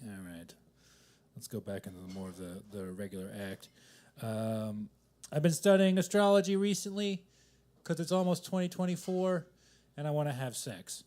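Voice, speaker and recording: A man's voice: on the high side, moderate pace, a little mellow. Rambling self-deprecating male stand-up comic. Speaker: stand-up comedian. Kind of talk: live stand-up at an open mic. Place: coffee shop open mic.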